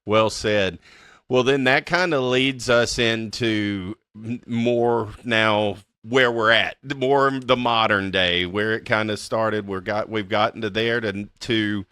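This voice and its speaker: Bright-voiced chatty man. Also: fairly low pitch, steady tone, slow, clear, resonant tone, dry recording. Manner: enthusiastic, chatty, laughs often. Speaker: podcast host. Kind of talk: casual interview.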